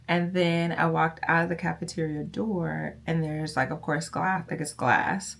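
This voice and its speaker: A young mother talks to her camera in an easy, rambling way, full of fillers and "y'all." Her voice sits a little low for a woman, and she sounds openly emotional. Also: steady tone, normal speed, gravelly, hardly any pauses. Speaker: vlogger, mother. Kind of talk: casual chat to camera.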